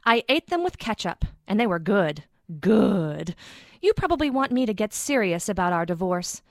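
A woman's voice: medium pitch, very animated, moderate pace, no echo, pitched below the performer's own voice. A woman performing a monologue as a wife who refuses a divorce, dramatic and bitterly joking. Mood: bitter, wry. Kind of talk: acted monologue.

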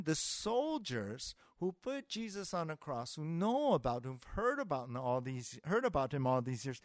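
A man's voice: on the high side, big pitch swings, moderate pace, few pauses, dry recording, studio quality. A man preaching a sermon as pastor, in a conversational way that acts out the voices he quotes. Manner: conversational, with filler words and restarts, acting out quoted voices.

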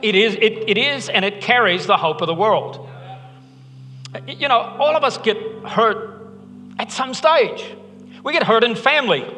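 A man's voice: high-pitched, animated, measured pace, pauses often, pushed and bright. A man preaching a sermon as pastor, conversational and earnest with joking asides. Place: church hall. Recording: long hall reverb, faint music.

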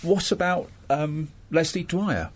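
A man's voice: fairly high pitch, slow, husky. A man hosting a conversational discussion about films, thinking aloud and searching for his words. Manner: thoughtful, searching for words with fillers and restarts. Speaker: podcast host.

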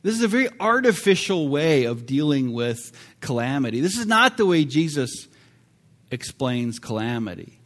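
A pastor preaches to his congregation conversationally, using fillers and breaking into sudden emphatic swells. His mid-range voice is sing-song and a bit bright, at a moderate pace.

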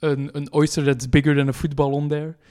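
A man's voice: a little high, little pitch movement, a little fast, darkish tone. A man, a podcast co-host chatting casually, hesitant with many fillers and restarts. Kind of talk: casual chat.

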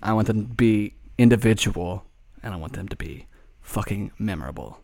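Man, low voice, rambling, swears casually, dry close mic, faint music. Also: normal speed, creaky, a little mellow, dry recording. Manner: loose, profane, rambling with restarts. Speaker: script reading host. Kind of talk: casual chat and script narration.

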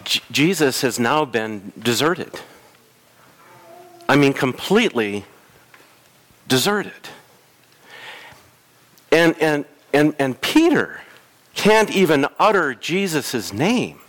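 A man's voice: on the high side, big pitch swings, slow pace, long pauses, a bit bright. A man preaching a reflective, emphatic sermon as pastor in a church. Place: church sanctuary.

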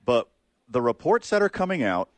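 A man's voice: medium pitch, moderate pace, dry recording. A man co-hosting a sports radio show, cracking jokes in casual banter. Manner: wisecracking, animated.

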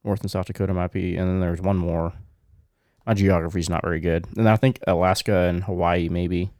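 A young man co-hosts a casual podcast, hesitant and full of fillers. His voice is very low. The recording is close and dry. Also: fairly even intonation, brisk, darkish tone, no room sound. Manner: hesitant, many ums and likes. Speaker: podcast co-host. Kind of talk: casual news chat.

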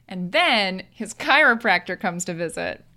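Young woman, bright tone, casual podcast co-host, rambling plot retelling. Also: medium pitch, lively intonation, a little slow. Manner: loose storytelling with "like" and "and then". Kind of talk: casual film recap chat.

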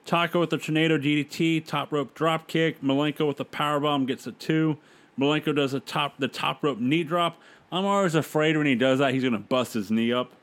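A man's voice: a little high, brisk, fairly bright tone. A man casually recapping events play by play on a podcast, laughing along with his co-host.

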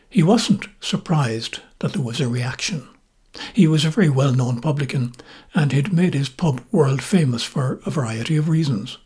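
Irish man, podcast host, storytelling narration, very husky voice, measured and gently wry. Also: medium pitch.

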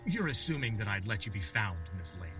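Brief: male actor as a mob-style villain, sneering and taunting, lively pitch swings, slightly off-mic, music underneath. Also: brisk, far from the mic. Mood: menacing. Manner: sneering, mocking drawl. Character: scheming male crime boss, menacing and sneering. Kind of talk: audio drama acting.

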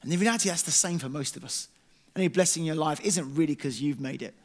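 Man, young adult, sermon, earnest and animated, slightly high voice. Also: quick pace. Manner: earnest, animated storytelling, self-deprecating. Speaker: preacher.

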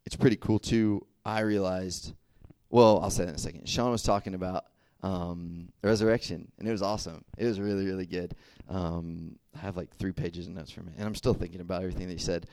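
Young man, deep voice, casual sermon with acted-out dialogue, dry close sound. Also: a little fast, smooth, no room sound. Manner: animated storytelling, acts out dialogue, frequent "right?" and "okay?". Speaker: youth preacher.

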